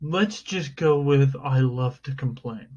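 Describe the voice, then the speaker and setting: A man's voice: mid-range voice, slow pace, a little mellow, slightly rough. A man co-hosting a podcast, making jokes in casual banter. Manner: jokey, playful, switches into mock newsreader voice. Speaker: podcast co-host. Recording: dull lo-fi home recording.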